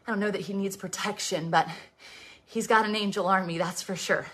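A woman's voice: mid-range voice, steady tone, a little fast, breathy edge. Breathless woman preaching on a bike. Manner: passionate, fervent, dips into whispers. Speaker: preacher and fitness host. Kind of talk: devotional preaching while riding an exercise bike.

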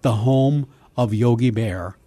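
Animated older male voice actor. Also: medium pitch, slow, no echo. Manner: animated, slips into character voices. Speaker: voice actor guest. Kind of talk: storytelling interview.

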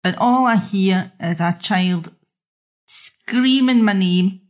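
A woman's voice: mid-range voice, slow. A young Scottish woman, a mother, telling a frustrated monologue in an exasperated, ranting way. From Scotland. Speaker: mother telling her story.

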